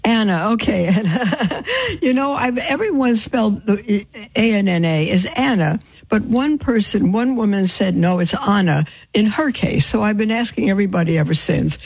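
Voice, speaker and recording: A woman's voice: medium pitch, normal speed, a little mellow, slightly rough, no echo. A woman hosting a call-in radio show, motherly and affectionate with callers, calling them honey and sweetheart. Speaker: radio show host, religious sister.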